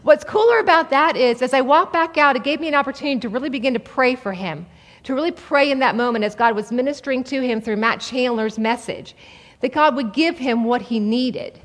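A woman in her forties preaching a sermon in a conversational, animated way to an audience in a large hall. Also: high voice, a little fast. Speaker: speaker at a church. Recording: long reverb of a large hall.

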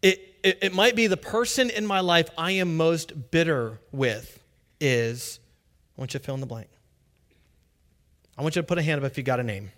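A man preaching a sermon as pastor, conversational and animated, acting out little quotes. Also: on the high side, normal speed, long pauses.

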